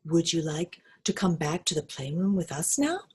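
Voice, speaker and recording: A woman voicing an eager little male toy teddy bear in a storybook reading, with a high, breathless manner. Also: sing-song, normal speed, husky, exaggerated voice.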